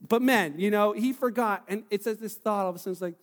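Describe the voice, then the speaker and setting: A man preaching a sermon as pastor, animated and conversational, acting out quoted voices with frequent restarts. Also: high-pitched, fast, few pauses. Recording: long hall reverb.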